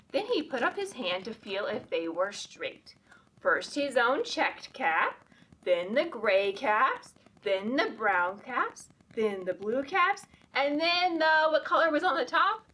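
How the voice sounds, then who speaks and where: A woman's voice: on the high side, a bit bright. A woman reading a picture book aloud to children as a librarian, often asking them questions and inviting them to join in, heard from a little distance. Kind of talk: children's storytime read-aloud.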